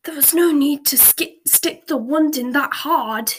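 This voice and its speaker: Woman doing a gruff, grumbling old wizard, Horace. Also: high-pitched, measured pace, pitched above the performer's own voice. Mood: aggrieved. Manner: gruff, grunting complaints. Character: stout old male wizard, aggrieved and gruff.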